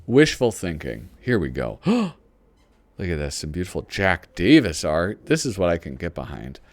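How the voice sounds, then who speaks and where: A man with a lowish voice that swings freely up and down as he chats. He rambles through a magazine, reading snippets aloud and teasing himself. The sound is dry and close. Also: huge pitch swings, moderate pace, no room sound. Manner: rambling and self-deprecating, reads lines aloud. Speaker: host. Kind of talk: casual commentary while paging through a magazine.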